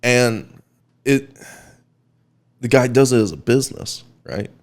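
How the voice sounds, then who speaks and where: A man co-hosting a podcast, chatting casually and telling a lively story with lots of "like" and "you know". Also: mid-range voice, takes it slowly. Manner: lively, chatty, with many fillers and restarts. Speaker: podcast co-host.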